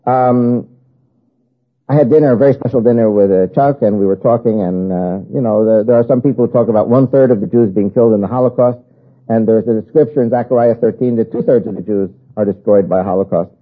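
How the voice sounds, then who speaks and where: Husky older American man preaching, tinny sound. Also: medium pitch, fast talker. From United States. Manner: emphatic, repeats phrases in driving lists. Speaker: guest speaker. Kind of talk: preaching talk to an audience. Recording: tinny phone-like recording.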